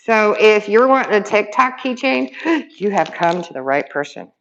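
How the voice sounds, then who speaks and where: A woman showing off her handmade resin keychains in a casual, excitable, rambling vlog, repeating words for emphasis. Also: medium pitch, moderate pace, highs cut off, a little hiss or hum. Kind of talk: casual show-and-tell vlog.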